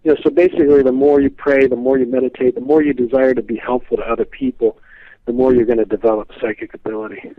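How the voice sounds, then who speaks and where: A man's voice: medium pitch, level tone, fast, no echo. A man telling stories as a guest in an interview, rambling with many fillers and restarts. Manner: rambling, full of "you know" and restarts. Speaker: guest expert on a historical psychic. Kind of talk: casual storytelling interview answers. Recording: tinny phone line, dry.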